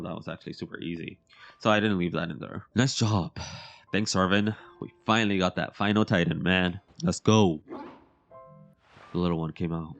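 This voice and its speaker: A man's voice: deep voice, highs cut off. A man casually commenting on his own gameplay, rambling, poking fun at himself and laughing often.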